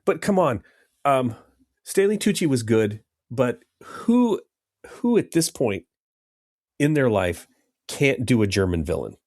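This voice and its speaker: Husky, animated man ranting on a podcast. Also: mid-range voice, slow, long pauses, dry recording, studio quality. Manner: animated, swearing, mock-indignant rants. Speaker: podcast co-host. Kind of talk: casual chat.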